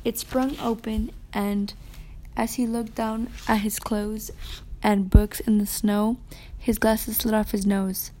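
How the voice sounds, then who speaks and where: A woman reading a novel chapter aloud for a podcast, pausing to comment on the story. Her delivery is soft and often half-whispered. The voice is mellow and dark in tone. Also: mid-range voice, level tone. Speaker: student reader.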